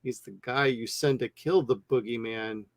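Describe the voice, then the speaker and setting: A man's voice: medium pitch, normal speed, no room sound, studio quality. Blunt, profane man reviewing a movie. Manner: blunt, profane, animated storytelling. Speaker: movie review podcast co-host.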